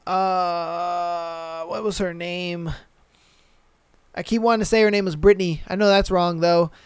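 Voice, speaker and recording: A man's voice: high voice, fairly even intonation, unhurried, clear, resonant tone, no echo. A man hosting a podcast alone, talking casually and bluntly with lots of swearing, fillers and rambling asides. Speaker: podcast host. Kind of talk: casual solo commentary.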